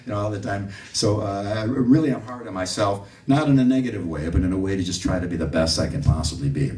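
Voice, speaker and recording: A low-voiced man speaks to a live clinic audience, telling stories with lively acted-out quotes. The sound is roomy and picked up from a distant mic. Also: brisk. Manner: animated storyteller, acts out quotes. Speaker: bass clinician. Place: room with an audience.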